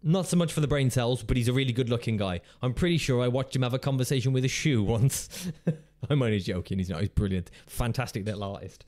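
A man, father to a teenager, hosts his channel by reacting to videos, joking around and swearing playfully in a rambling, casual way. He talks fast, with a medium-pitched, a little mellow voice.

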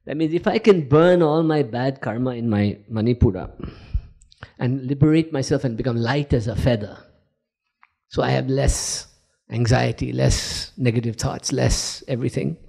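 A man, a spiritual teacher, giving a lively talk and taking questions, laughing and acting out inner voices as he explains. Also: medium pitch, creaky.

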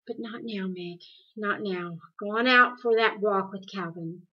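Woman doing a calm, gentle mother. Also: medium pitch, a little slow, slightly rough. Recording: dull lo-fi recording.

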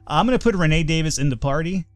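A man's voice: fairly high pitch, animated, fast talker, no room sound, soft background music. A man giving casual, rambling commentary over gameplay, off-the-cuff and peppered with swearing. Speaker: let's play gamer.

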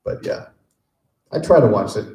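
A man's voice: lowish voice, normal speed. A man in his fifties from Texas, telling stories and joking as a voice actor answering questions at a convention panel. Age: 50s. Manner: animated joking storyteller. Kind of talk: casual convention Q&A. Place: large convention panel room. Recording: echoey convention hall.

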